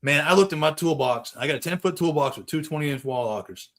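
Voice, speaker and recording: Guy swearing thru a long rambly story, kinda high voice, casual podcast chat. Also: brisk. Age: adult with young kids. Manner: profane, rambling, animated storyteller. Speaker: podcast host, custom bike builder.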